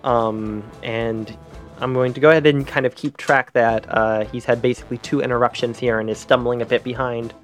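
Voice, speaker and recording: A man's voice: mid-range voice, fairly even intonation, normal speed. A man runs a tabletop game, narrating in a loose, rambling way full of ums and likes. Faint music plays beneath his voice. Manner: loose, rambling, many fillers. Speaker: game master.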